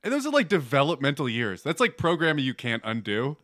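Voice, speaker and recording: A man's voice: medium pitch, sing-song, brisk. A man co-hosting a podcast, joking crudely and swearing, laughing often. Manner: loud, profane, laughs often. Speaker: podcast co-host. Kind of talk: crude comedic banter.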